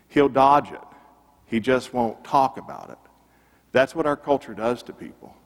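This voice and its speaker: Emphatic preacher in a reverberant church. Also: male voice, mid-range voice. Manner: emphatic, building repetition. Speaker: pastor. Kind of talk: sermon. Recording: long reverb of a church hall.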